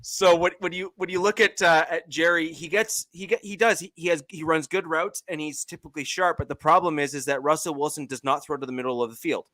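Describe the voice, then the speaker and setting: A man's voice: fairly high pitch, fairly even intonation, brisk, hardly any pauses, pushed and bright, dry recording. A man with a Canadian accent, co-hosting a casual sports chat and talking with many fillers and restarts. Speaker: podcast co-host.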